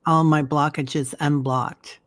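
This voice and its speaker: A low-pitched woman hosts a live-streamed healing chat. She talks softly and warmly encourages her guests, with an affectionate manner. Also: steady tone, slow pace. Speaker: host.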